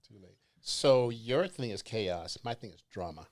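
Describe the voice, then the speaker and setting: A man's voice: on the low side, animated, a little slow. Dry-humored man podcast co-host. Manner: dry, brief interjections. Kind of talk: casual chat.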